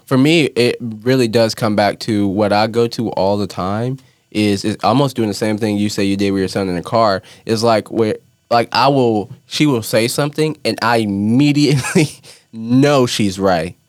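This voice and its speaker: A man as a podcast guest, speaking in an earnest, reflective way, often quiet. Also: on the low side, moderate pace, no room sound, clean studio sound. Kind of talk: casual podcast conversation.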